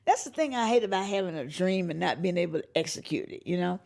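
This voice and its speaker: A woman tells stories from her career as a singer-songwriter, her voice gravelly with fry. She swings her pitch widely and brings the people she quotes to life as she talks. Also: fast. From North Carolina. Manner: animated storyteller who acts out the voices of people she quotes, laughing often. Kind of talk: storytelling interview.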